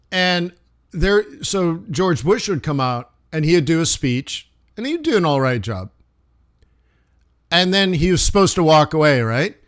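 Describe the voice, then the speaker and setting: Middle-aged trader guy on a live stream, highish voice, rambly and animated, lots of restarts. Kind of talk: casual livestream commentary.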